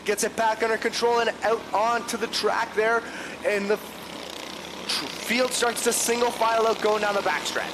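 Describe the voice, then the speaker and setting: A man doing live play-by-play commentary, rattling off a long starting lineup and calling the action. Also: high voice. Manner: rapid lineup roll call, then excited calls. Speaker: race commentator. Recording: noisy trackside broadcast with engine noise.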